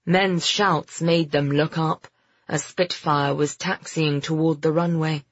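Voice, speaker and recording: A woman narrating a story in a slow, measured way. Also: low voice, steady tone, no echo. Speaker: audiobook narrator. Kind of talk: scripted narration. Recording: dull, muffled sound.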